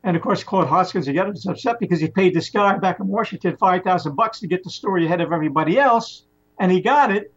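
A man casually retelling a story plot in a rambling, animated way, often restarting his sentences. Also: high voice, fast talker, breathy edge. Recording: muffled lo-fi recording.

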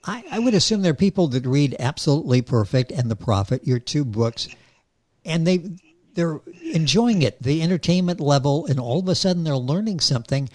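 A man's voice: fairly high pitch, big pitch swings, brisk, a little mellow. A man hosting an interview, enthusiastic and repeating words as he restarts his questions. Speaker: interview host.

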